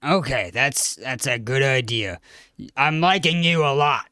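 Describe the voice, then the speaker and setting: A man's voice: medium pitch, animated, measured pace, bright, forceful tone, smooth, no room sound, clean studio sound. A man playing a brash, boastful bulldog persona who talks pushily and swears casually in an improvised comedy sketch.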